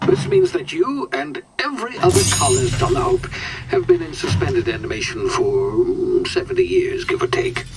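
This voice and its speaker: A man's voice: very high-pitched, wildly swooping pitch, moderate pace, heavily acted, rough recording. An actor playing an eccentric older scientist in a video game, breezy and chuckling as he explains grim news cheerfully. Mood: chatty. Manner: breezy, chuckling, oddly cheerful about gruesome things. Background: game music.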